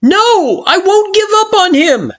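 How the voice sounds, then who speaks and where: A man's voice: very high-pitched, sing-song, takes it slowly, a bit bright, pitched above the performer's own voice, full character voice. A man voicing a defiant, determined young child who screams back in desperation.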